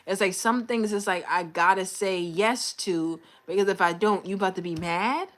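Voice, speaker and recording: A woman's voice: mid-range voice, normal speed, a bit bright. Candid young woman venting on a livestream. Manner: candid, venting, loose and conversational. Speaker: livestream host. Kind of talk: casual live-stream chat.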